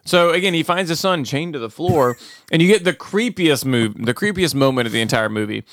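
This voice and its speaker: A man's voice: on the high side, brisk, no echo. A man co-hosting a podcast, recapping a movie in casual chat and acting out the characters' lines. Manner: animated storytelling, acting out quotes. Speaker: podcast co-host.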